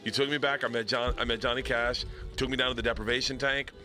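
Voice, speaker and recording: A man's voice: medium pitch, fairly even intonation, quick pace, music in the background. A middle-aged man telling a story in a casual podcast chat, swearing freely and acting out the quotes. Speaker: comedian podcast guest.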